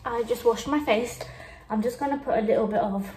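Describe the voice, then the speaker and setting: A young adult woman vlogs casually on a handheld phone while out on busy streets and in a restaurant, rambling and giggling. Her voice is on the high side, slightly rough and a little fast, and she sounds out of breath. The low-quality recording has a loud street crowd and traffic behind her.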